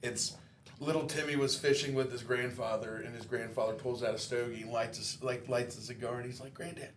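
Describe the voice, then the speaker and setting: A man's voice: medium pitch, fairly even intonation, a little fast, echoey room, a little hiss or hum. A man on a casual podcast telling a long joke, building to the punchline.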